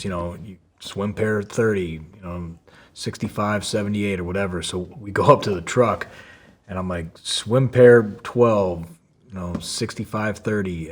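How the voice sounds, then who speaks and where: Husky low-voiced man telling a story. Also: fairly bright tone. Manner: profane, lots of fillers, acts out quotes. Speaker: podcast guest. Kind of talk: casual storytelling.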